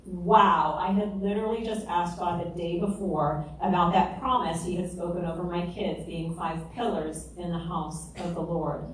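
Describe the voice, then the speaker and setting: A woman's voice: on the low side, fairly even intonation, moderate pace, hardly any pauses. A middle-aged woman giving an earnest, emotional faith testimony to a mothers' group. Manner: earnest and emotional, acting out her own cries. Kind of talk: testimony sermon. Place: large echoey room. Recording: roomy hall, voice from far off, faint noise.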